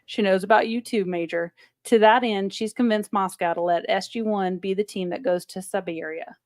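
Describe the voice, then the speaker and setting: A woman reading a stern male general running a briefing, in an even, everyday voice with a dry, close sound. It is a casual podcast read-through of a script, with no character voice put on. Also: medium pitch, moderate pace, dry recording, close to an everyday voice. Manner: plain script read-through in her own voice.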